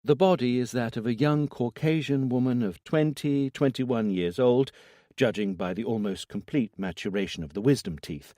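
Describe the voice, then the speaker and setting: A man's voice: mid-range voice, normal speed, dark tone, no room sound, clean studio sound, voice pushed up, lightly acted. A man voicing a female forensic doctor who reports in a neutral, professional tone. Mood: clinical. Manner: neutral, clinical.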